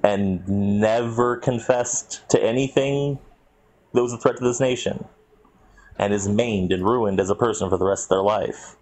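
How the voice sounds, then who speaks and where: A man's voice: lowish voice, measured pace, darkish tone, low-quality recording. A man hosting a casual podcast debate, skeptical and argumentative. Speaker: podcast host.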